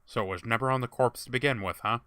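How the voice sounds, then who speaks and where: A man's voice: mid-range voice, quick pace, pushed and bright, smooth, no echo. A young man casually commenting while he plays a game, thinking aloud and laughing at himself. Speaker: streamer playing a game.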